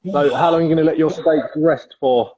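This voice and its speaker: An English man co-hosts a live barbecue stream in a matey, rambling way, calling everyone "mate." His voice is mellow and slightly husky, recorded dry and a little dull. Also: on the high side, fairly even intonation, brisk, no echo. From England. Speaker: co-host of a live barbecue show. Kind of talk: casual live-stream chat.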